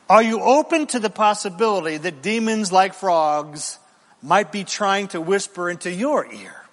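Male pastor, sermon, emphatic scripture reading, high lively voice, long hall reverb. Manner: animated, emphatic scripture reading with questions to the congregation.

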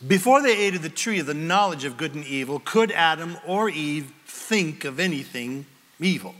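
Male preacher, high bright voice, animated sermon, long hall reverb. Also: moderate pace. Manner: animated, acts out voices, asks the crowd questions.

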